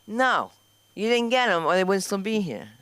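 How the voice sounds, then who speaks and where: A woman's voice: mid-range voice, big pitch swings, normal speed, a bit bright, smooth. Brash New Jersey woman hosting comedy. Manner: brash, profane, rambling. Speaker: comedy school owner and host. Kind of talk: stand-up comedy. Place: comedy club stage.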